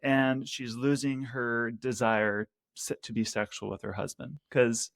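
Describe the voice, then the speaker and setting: A man hosting a podcast who tells stories in a relaxed way and keeps the talk going with frequent short agreements. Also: mid-range voice, a little slow, creaky, no room sound, clean studio sound. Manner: relaxed storyteller, backs the guest with frequent "uh-huh"s. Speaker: podcast host. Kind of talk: conversational podcast interview.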